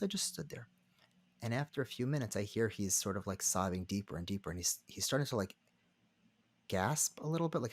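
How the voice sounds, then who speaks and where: A man, a rabbi and counselor, telling a personal story as a podcast guest in an earnest, halting way. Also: fairly low pitch, no echo. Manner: earnest, halting, many restarts. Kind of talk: conversational storytelling.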